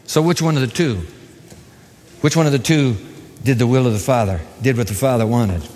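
In a church hall with long reverb, a pastor preaches a sermon in a brisk, mid-range male voice, with slight background noise. He's dramatic and lively, leaning hard on emphasis and acting out the quoted voices in the story.

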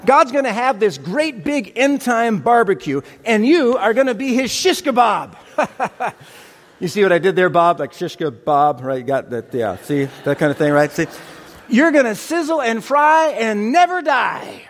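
A man's voice: fairly high pitch, animated, normal speed. A man acting out an overeager male neighbor who pleads at the door and stammers through apologies. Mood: eager. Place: church sanctuary. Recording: reverberant hall.

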